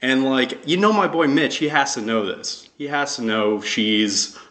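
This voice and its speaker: A man co-hosting a casual book podcast, talking excitedly with lots of fillers and rising pitch. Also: unhurried, a crowd in the background. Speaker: podcast co-host. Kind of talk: casual chat.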